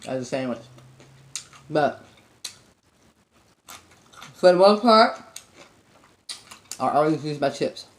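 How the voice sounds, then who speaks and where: A woman's voice: low voice, expressive, slow pace, long pauses, a little hiss or hum. A woman hosting an eating show, chatting casually to viewers between bites and humming over her food. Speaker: mukbang host.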